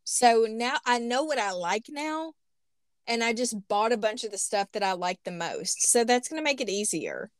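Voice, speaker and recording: A woman in her thirties co-hosts a podcast, her fairly high voice rambling through casual chat and self-deprecating jokes. She records in a small closet, so the sound is close and dry. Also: animated, moderate pace, clean tone, dry recording. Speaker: podcast co-host.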